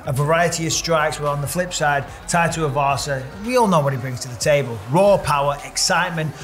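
Higher-voiced male fight pundit. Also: fairly quick, faint music behind. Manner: animated, jokey, breaks down fighters' styles. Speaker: fight analyst. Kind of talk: pundit chat on a sports preview show.

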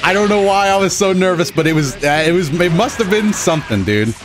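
A young man giving excitable, joking commentary over his own fighting-game matches, yelling at big moments. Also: high voice, fast. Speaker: gaming channel host. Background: game music.

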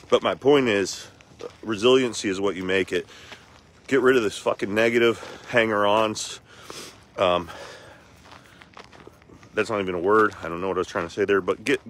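A man tells a personal story with raw emotion and blunt language, talking straight to camera for a casual video diary. His voice sits on the low side, and the recording was made outdoors in the cold. Faint background noise runs under his speech. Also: fairly bright tone. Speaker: vlogger.

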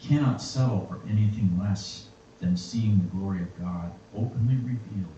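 A man's voice: on the low side, dark tone, a little hiss or hum. Man preaching in an echoey church. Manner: slow, reflective preaching, reading scripture aloud. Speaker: pastor. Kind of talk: sermon. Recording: echoey, distant, muffled church recording.

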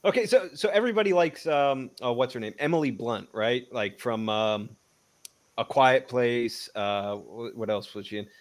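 A man's voice: medium pitch, moderate pace. A man cracking profane jokes and telling rambling bits on a casual livestream. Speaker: guest.

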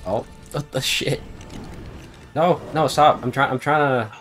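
A man's voice: mid-range voice, measured pace, fairly bright tone, faint music behind. A young man joking and swearing casually while playing a co-op game with a friend. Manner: joking, laughs often, swears. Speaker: co-op game player. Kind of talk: casual gaming chat.

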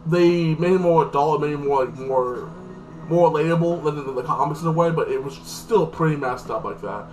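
A man's voice: on the high side, fairly quick, slight background noise. A man giving a casual, rambling spoken recap and review of a TV episode, full of fillers and restarts. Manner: rambling, filler-heavy, lots of "like". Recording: distant mic with loud music.

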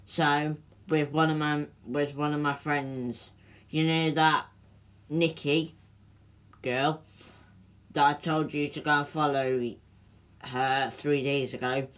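A man's voice: fairly high pitch, level tone, slow pace, pauses often, a bit bright. A man gushing repeated thanks to his followers in a vlog, emotional and near tears. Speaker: social media creator.

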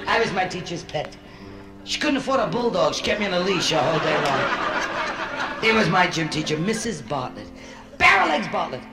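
A woman from Connecticut doing a brassy, wisecracking stand-up routine and teasing her live audience. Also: fairly low pitch. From Connecticut, USA. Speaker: comedian. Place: stage show before a live audience. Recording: roomy live show recording with band music.

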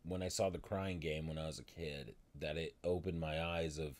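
A man's voice: extremely low pitch, steady tone. A man delivering an angry vlog rant, exasperated and swearing, often stumbling over his words. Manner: exasperated, swearing, halting restarts. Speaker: vlogger.

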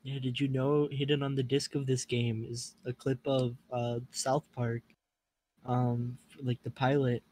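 A man's voice: medium pitch, level tone, measured pace, a little mellow, slight background noise. A man chatting casually on a gaming stream, throwing in wisecracks and trivia.

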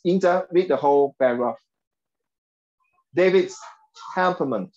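A man's voice: a little high, measured pace, a little mellow, lo-fi sound. A man with a Singaporean English accent teaching an online English class in a chatty way. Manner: chatty, mixes in Mandarin, frequent okay and right. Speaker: English tutor.

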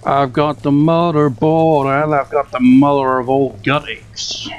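A man's voice: medium pitch, little pitch movement, unhurried. A young man giving exasperated, sarcastic commentary on a game he is playing at home, swearing often. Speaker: let's play gamer. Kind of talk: gameplay commentary. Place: home room with a cat. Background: game music.

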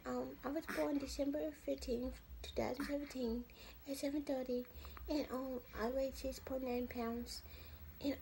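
A woman voicing her newborn baby girl, speaking sweetly in a soft, partly whispered cooing voice. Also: high voice, gravelly, background noise, pitched above the performer's own voice.

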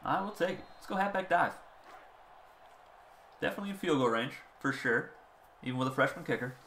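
Animated man calling his own football game. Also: fairly high pitch, brisk, a little hiss or hum. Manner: excitable, swings from calm play-calling to loud outbursts. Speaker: gaming channel host. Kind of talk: gameplay commentary.

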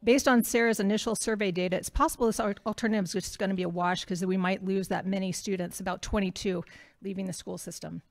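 A woman giving prepared public comment as a parent at a school board meeting, running through numbered points quickly. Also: medium pitch, steady tone, gravelly. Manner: rapid, itemized delivery.

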